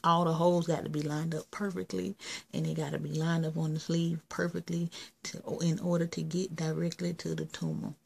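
A woman's voice: low voice, level tone, moderate pace, gravelly, a little mellow, husky. A woman giving a casual vlog update, rambling and plainspoken, with a sore throat. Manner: rambling, plainspoken, explains step by step. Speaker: vlogger.

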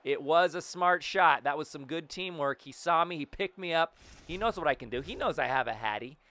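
Bright-voiced hyped gaming commentator man. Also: fairly high pitch, fairly quick. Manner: playful, hyped play-by-play with sudden shouts. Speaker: gaming channel host. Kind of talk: excited gameplay commentary.

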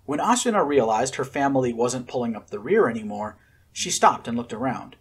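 A man narrating a fan-fiction story as an expressive audiobook reader. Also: mid-range voice, fairly quick, husky.

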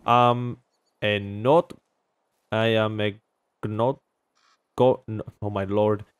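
Excitable man mumbling through gameplay. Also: lowish voice, takes it slowly, clean tone, dry recording. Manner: excitable, talks to himself, jumps from loud outbursts to mumbling. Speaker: gaming YouTuber. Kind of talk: casual gameplay commentary.

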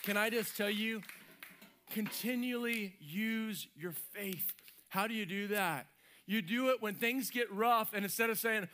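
A man preaching a sermon as pastor, animated and lively, acting out little voices and sound effects. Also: sits high, moderate pace. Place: church stage.

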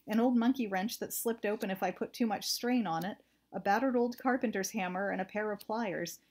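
A woman reading a first-person story aloud in a steady, plain narrating voice. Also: medium pitch. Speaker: audiobook reader.

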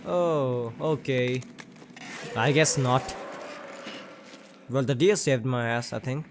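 A young man commentating his gameplay in a joking, excitable way, swearing often. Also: medium pitch, takes it slowly, noisy background. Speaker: gaming channel host.

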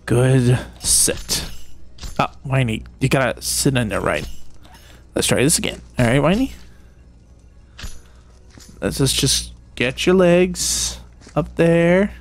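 A man giving playful, rambling gameplay commentary, tossing jokey mock-sinister asides at game characters. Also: medium pitch. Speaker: gaming video creator.

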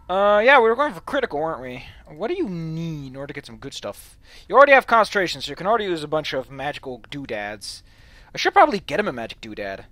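Let's player, goofy and sweary, fairly high voice, bouncy delivery. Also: male voice, sing-song, fast talker, fairly bright tone, faint music behind. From Netherlands. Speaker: let's play host. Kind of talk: gameplay commentary.

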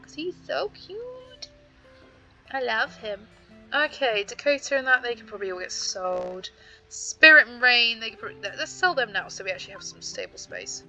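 A young British woman talks her viewers through gameplay in a casual, giggly way. Her voice is bright and a little high, swooping up and down as she exclaims. Faint music plays behind her. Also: poor audio. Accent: British English. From Britain. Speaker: gaming YouTuber.

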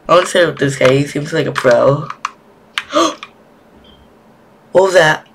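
A man's voice: fairly high pitch, lively intonation, measured pace, pauses often, fairly bright tone. A man playing a horror game on stream, jumpy and repeating himself whenever he gets scared. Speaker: gaming video creator. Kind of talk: horror game let's-play commentary. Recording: keyboard typing noise behind voice.

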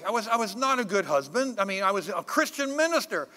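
Older pastor guy preaching in church, bright voice, a bit high, goes loud then drops way down for stories. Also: fast. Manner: animated storytelling, swings between loud preaching and hushed asides. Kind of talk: sermon with personal stories. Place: church sanctuary.

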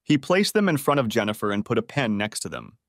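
A man's voice: lowish voice, fast talker, no room sound, studio quality. A man reading a story audiobook aloud as the narrator. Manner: expressive storytelling. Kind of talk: scripted narration.

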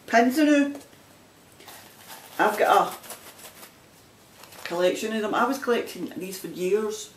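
A chatty Scottish woman rambles cheerfully as she shows off her knitting finds. She sits back from the mic in a roomy space, with a faint hum of background noise. Her pitch sits mid-range for a woman. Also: recorded from a distance. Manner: chatty and rambling, with frequent laughs. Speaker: knitting vlogger. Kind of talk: casual chat showing items to camera.

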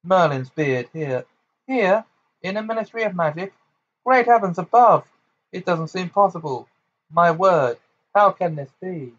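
Man voicing a flustered middle-aged minister in a storybook reading, raised and loud, gasping bluster, slightly muffled recording. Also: on the high side, measured pace, voice pushed up.

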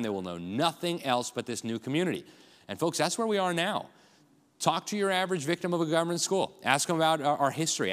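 Fast-talking man in a reverberant hall. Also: mid-range voice, fairly bright tone. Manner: urgent, rallying, addresses crowd as folks. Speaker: conference speaker. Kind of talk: impassioned conference speech. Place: large conference hall.

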